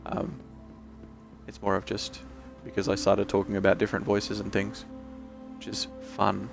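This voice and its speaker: A man chats casually while gaming. His voice is low and croaky, and his talk rambles with restarts. Faint music plays behind him. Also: monotone, moderate pace. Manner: rambling, many restarts and fillers. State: croaky, tired voice. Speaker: game streamer.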